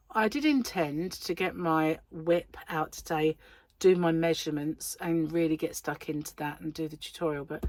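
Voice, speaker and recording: On her crochet vlog, a woman from England talks in a deep voice, meandering through casual chat full of ums. Her throat is still slightly sore, and the recording is dry.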